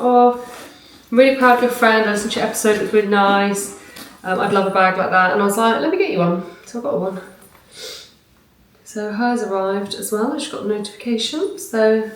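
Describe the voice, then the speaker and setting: A woman's voice: medium pitch, echoey room, a little hiss or hum, low-quality recording. Chatty woman unboxing at home. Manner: chatty, swears casually, gushing. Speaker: vlogger. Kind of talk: casual unboxing vlog. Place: home, indoors.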